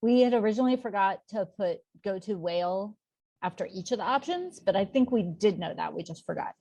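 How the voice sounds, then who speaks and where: A woman's voice: mid-range voice, lively intonation, a little fast, mellow. A woman taking part in an online workshop over a video call, chatty and thinking aloud. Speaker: workshop participant. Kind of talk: casual discussion.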